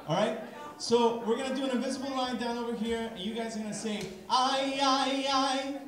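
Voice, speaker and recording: Upbeat Canadian entertainer, very high voice, live-stage crowd banter in an echoey hall with music behind. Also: male voice, fast, background noise. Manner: upbeat, chatty, coaxing the crowd.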